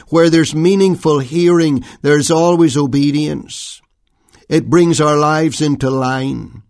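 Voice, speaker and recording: A man preaching a sermon, reading scripture and then expounding it in a measured, emphatic way with frequent pauses. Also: a little high. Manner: King James phrasing when reading scripture.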